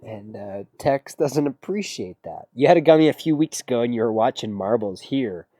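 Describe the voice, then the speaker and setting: A man's voice: mid-range voice, lively intonation, normal speed, dark tone, no echo. A man chatting casually with his stream audience between song requests, with a laid-back, sarcastic and slangy way of talking. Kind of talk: casual livestream chat.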